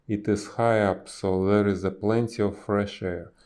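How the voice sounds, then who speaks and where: A man's voice: fairly low pitch, fairly even intonation, unhurried, darkish tone, close to an everyday voice. A man reading a storybook aloud, voicing a small, tired, cautious male bird. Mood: musing.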